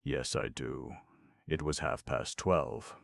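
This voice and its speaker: A man's voice: rumbling low, slow, creaky, clean studio sound, full character voice. A man reading a blunt young hall boy. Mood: plain. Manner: blunt, matter-of-fact answers. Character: young male hotel hall boy, plain-spoken.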